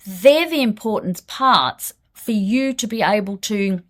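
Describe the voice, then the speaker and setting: Blunt, lively woman counsellor. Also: on the high side, measured pace, few pauses. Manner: direct, blunt, lively delivery. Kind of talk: podcast advice monologue.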